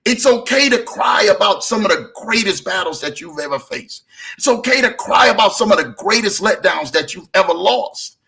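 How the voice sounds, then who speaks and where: High, bright-voiced man preaching motivation. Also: animated, moderate pace, creaky. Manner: repetitive, rising and falling exhortation. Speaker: motivational show host.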